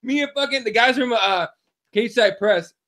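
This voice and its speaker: A man co-hosting a combat sports podcast, talking in a casual, profane, excitable way and telling stories with lots of animation. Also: very high voice, moderate pace. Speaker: podcast co-host.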